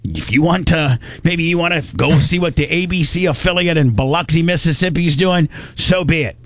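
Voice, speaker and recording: Man, radio host, rambling, joking, self-correcting, fairly high voice, dry close sound. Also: fairly quick, no room sound. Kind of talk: casual talk radio chat.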